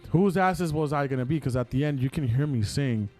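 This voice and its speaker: A man's voice: mid-range voice, brisk, soft background music. A young man co-hosting a casual podcast, retelling a story animatedly with lots of "like". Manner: animated retelling, heavy use of "like". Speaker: podcast co-host. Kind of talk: casual chat.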